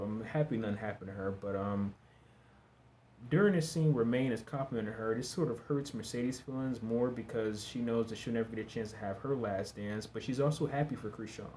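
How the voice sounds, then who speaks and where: A TV episode reviewer gives a casual, chatty recap, talking candidly and loosely with fillers, restarts and bits of slang. His voice is on the low side with a darkish tone, and there's a little hiss or hum.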